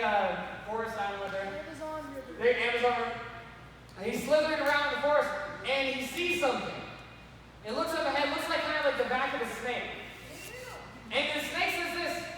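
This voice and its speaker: A man preaching to kids, animated and repeatedly calling them to listen. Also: very high voice, moderate pace. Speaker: youth speaker. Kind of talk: sermon to kids. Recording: echoey hall from far off, faint noise.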